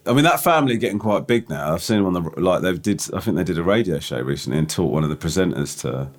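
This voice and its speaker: Dry teasing man, low voice. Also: animated, fast. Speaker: podcast co-host. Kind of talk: casual chat.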